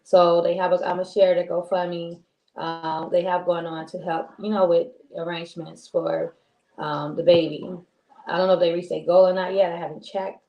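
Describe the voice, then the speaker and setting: A woman's voice: fairly low pitch, flat delivery, moderate pace, dull audio. A woman co-hosting a casual talk show, rambling and chatty with many restarts. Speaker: co-host. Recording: roomy echo.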